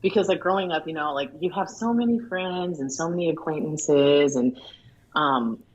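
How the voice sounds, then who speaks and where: A woman's voice: deep voice, normal speed, highs cut off, slight background noise. A young woman, a bride, telling her story as a guest in a casual chat, acting out the quotes and laughing often. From Filipino family in America.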